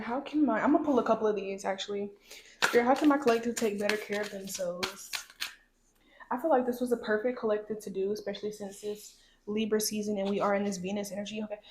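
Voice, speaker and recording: A woman's voice: medium pitch, noisy background. A young woman casually chatting through a tarot card reading, talking straight to her viewers. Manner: chatty, talks to viewers directly. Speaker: tarot reader. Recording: echoey room.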